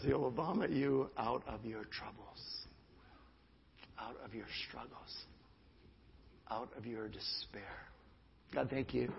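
A man's voice: medium pitch, a little slow, vocal fry, a little hiss or hum. A male pastor preaching a sermon, stressing and repeating key phrases, then rising into fervent prayer. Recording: dull sound with long hall reverb.

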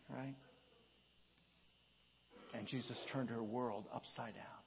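Reading scripture aloud during a sermon, this pastor gives the words slow, emphatic, dramatic inflection. His medium-pitched voice is fairly even, with vocal fry and a breathy edge, and the hall around him sounds dull and echoey.

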